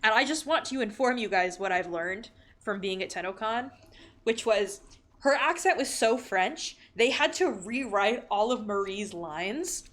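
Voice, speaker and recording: A woman's voice: medium pitch, expressive, a little slow, fairly bright tone. A woman streaming a game and chatting casually, swearing freely and running off on tangents. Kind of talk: casual live-stream gaming chat.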